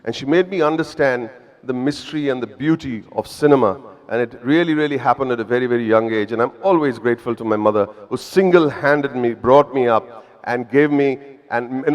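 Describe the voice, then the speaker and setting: A man in his fifties with an Indian English accent, telling playful, self-deprecating stories to a live audience. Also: medium pitch. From Mumbai, India. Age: 50s. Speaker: actor speaking at an evening event. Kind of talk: humorous storytelling to a live audience. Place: event hall before an audience. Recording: long reverb of a live event hall.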